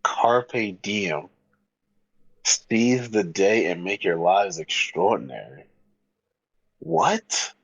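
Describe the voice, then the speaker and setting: A man co-hosting a casual podcast, thinking out loud and hedging his guesses. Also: sits low, sing-song, extremely slow, long pauses, husky, no room sound, dull audio. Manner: thinks aloud, hesitant guesses. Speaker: podcast co-host. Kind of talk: casual chat.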